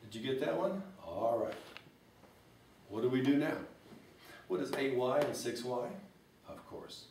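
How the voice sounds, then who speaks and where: A man's voice: mid-range voice, expressive, unhurried, long pauses, darkish tone, far from the mic. A man teaching an algebra lesson, explaining step by step with joking, folksy asides. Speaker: math teacher. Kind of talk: recorded math lesson. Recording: echoey room, voice from off-mic, faint hiss.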